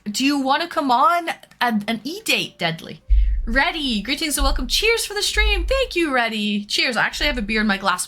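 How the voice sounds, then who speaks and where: A woman's voice: a little high, fairly bright tone. A woman from Liverpool hosting a casual livestream, chatting and greeting viewers by name. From Liverpool, England. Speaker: livestream host. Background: faint background music.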